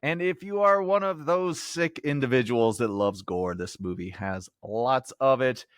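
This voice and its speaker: A man's voice: medium pitch, a little slow, clear, resonant tone, dry recording, clean studio sound. A man hosting a podcast, giving a chatty, casual movie review and laughing often. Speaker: podcast host. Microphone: headphones, home podcast mic.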